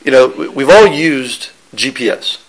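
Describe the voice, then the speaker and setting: A man's voice: mid-range voice, lively intonation, a little slow, creaky, low-quality recording. A man giving an informal Torah lesson, talking conversationally with restarts and joking with listeners. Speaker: teacher giving a Torah class.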